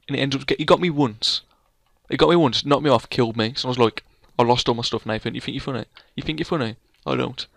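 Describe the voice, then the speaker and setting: A man's voice: fairly high pitch, fairly bright tone, dry recording. A man, casually chatting and teasing a friend while playing a building game. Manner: rambling, playful, teasing his co-player. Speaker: let's play gamer. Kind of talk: casual gameplay commentary.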